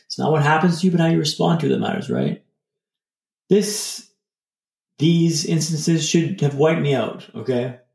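A man's voice: a little high, big pitch swings, normal speed, creaky, a little mellow, echoey room. A man talking casually on a video call as a podcast guest, rambling loosely with lots of fillers. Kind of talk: casual reflective storytelling.

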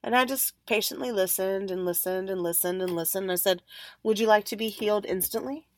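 A woman hosting a podcast, telling a story in an animated way and acting out the other people's lines. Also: medium pitch, brisk, no echo. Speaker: podcast host. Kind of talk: storytelling monologue.

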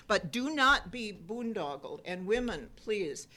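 This female co-host speaks at a slow pace in a medium-pitched, animated voice that's pushed and bright. She tells wry stories in a chatty way while fighting a cough from a cold.

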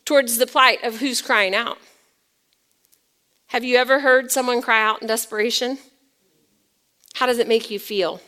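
A woman pastor preaching with a high voice. Her delivery is dramatic, dropping to near whispers and then rising to loud emphasis. Her tone is bright and sharp, and she keeps asking the congregation questions. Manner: asks the congregation rhetorical questions. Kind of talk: sermon.

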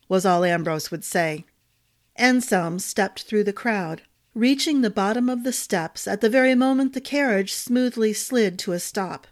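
A woman storyteller reading a fantasy novel aloud, measured and expressive. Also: mid-range voice. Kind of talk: audiobook narration.

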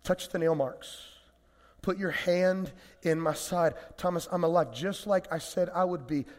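A kind, patient Jesus, put on by a preacher mid-sermon, speaks softly and coaxingly in a fairly high voice. The sound rings out in a long hall reverb. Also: male voice, a little slow. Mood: tender. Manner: soft, tender, coaxing. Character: gentle patient Jesus, adult man.

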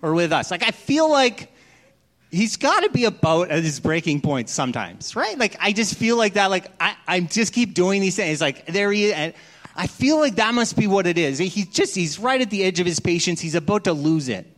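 A middle-aged man preaches like he's chatting with friends, telling family stories from the pulpit. His voice sits a little high for a man. He often drops to a hushed, gentle tone when the story turns tender. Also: sing-song, normal speed. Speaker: pastor. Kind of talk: sermon.

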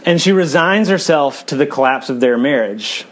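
Preaching in church, an animated male pastor speaks earnestly, racing through emphatic runs before dropping into low, quiet passages. The recording carries a little hiss or hum.

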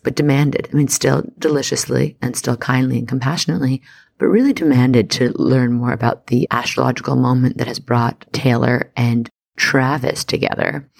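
A woman's voice: very deep voice, creaky, darkish tone. A woman hosting an astrology podcast, talking in a bubbly, chatty way full of slang. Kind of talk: casual solo podcast monologue.

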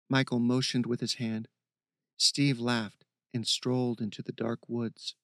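A man reading a fantasy story aloud as narrator, in a steady, even storytelling voice. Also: mid-range voice, unhurried, dry recording, studio quality. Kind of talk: audiobook narration.

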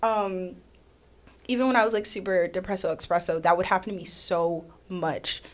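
A woman speaking as a guest in a casual conversation, animated and self-deprecating, often acting out what others said. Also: fairly low pitch, fast. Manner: animated, self-deprecating, acts out quoted voices.

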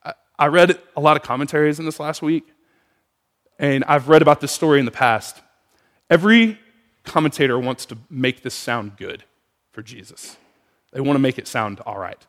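A man preaching a sermon, asking the congregation questions in an animated way. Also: a little high, moderate pace, long pauses, big-room sound. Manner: animated, asks the room questions. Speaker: pastor.

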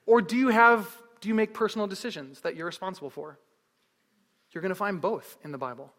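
A male pastor delivers a sermon in a high, bright voice. He tells stories with energy and keeps asking his listeners questions. The sound carries a long reverb from a large hall. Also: a little fast. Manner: lively storytelling with repeated rhetorical questions.

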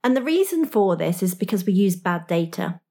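A woman's voice: lowish voice, very animated, normal speed, warm tone. A woman speaking directly to the listener in a motivational talk as a coach, frank and slangy, with small laughs.

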